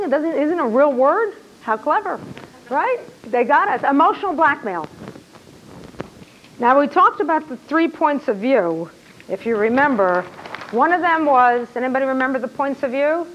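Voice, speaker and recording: A woman teaching a classroom lecture, animated and excitable, full of rhetorical questions to her students. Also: sits high, muffled recording, slight background noise.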